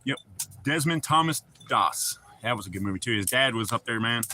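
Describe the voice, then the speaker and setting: A man's voice: medium pitch, expressive, fairly quick, sharp tone, slight background noise. A man hosting a livestream, chatting casually and profanely with viewers and joking around. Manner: profane, joking, talks back to chat. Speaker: livestream host.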